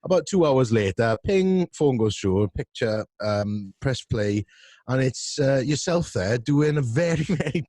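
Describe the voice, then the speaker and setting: A man's voice: medium pitch, lively intonation, a little slow, darkish tone, no echo. Man, co-host, teasing, casual chat, dry sound. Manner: teasing, recounts with quoted lines.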